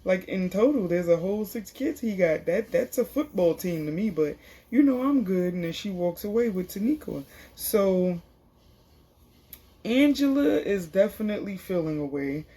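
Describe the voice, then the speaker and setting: A woman's voice: mid-range voice, lively intonation, moderate pace, dark tone, breathy edge. A woman casually recapping a reality TV episode in a chatty, slangy way, full of fillers. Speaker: TV show reviewer.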